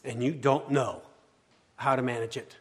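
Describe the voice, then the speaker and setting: A male pastor preaching a sermon, swinging between loud urgency and hushed, quiet passages. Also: mid-range voice, fairly even intonation, normal speed, breathy edge. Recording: long hall reverb.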